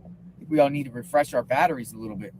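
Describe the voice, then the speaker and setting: A man's voice: mid-range voice, rapid-fire. A tired man livestreaming from a moving car, chatting casually with sarcastic, chuckling asides. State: tired from lack of sleep. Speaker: livestream host driving around. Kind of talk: casual live commentary from a car. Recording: car and road noise behind. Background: vehicle noise.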